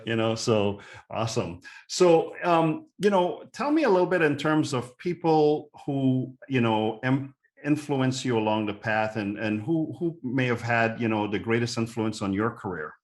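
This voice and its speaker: A man's voice: medium pitch, lively intonation, a little slow. A man hosting a podcast, chatting casually with his guest, often repeating words as he restarts sentences. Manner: affirming, stammering restarts. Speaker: podcast host. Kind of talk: casual interview talk.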